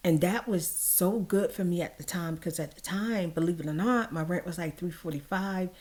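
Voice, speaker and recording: A woman's voice: fairly low pitch, moderate pace, darkish tone. A middle-aged woman telling a personal story in casual vlog chat, acting out the people she quotes. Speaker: vlogger.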